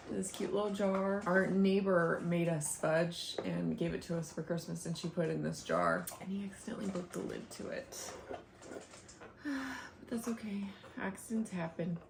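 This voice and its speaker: A woman's voice: lowish voice, creaky, roomy sound, noisy background. A young woman, a stay-at-home mom, chatting casually at home in a rambling way, often laughing and sighing. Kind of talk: casual chat to camera. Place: home, indoors.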